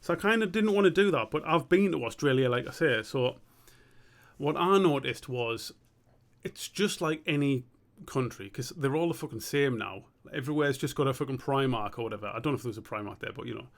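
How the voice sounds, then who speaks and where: Gravelly, sweary man. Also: mid-range voice, lively intonation, fairly quick. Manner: rambling, sweary, thinking aloud. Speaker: streamer and animator. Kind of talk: casual live-stream chat.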